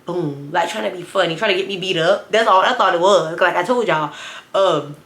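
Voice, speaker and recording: A woman in her twenties tells a story straight to her viewers with a sassy, animated delivery. Her voice sits a little low, and the room around her rings with a noticeable echo. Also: a little fast. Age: 20s. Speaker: vlogger. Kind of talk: storytime vlog. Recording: roomy echo.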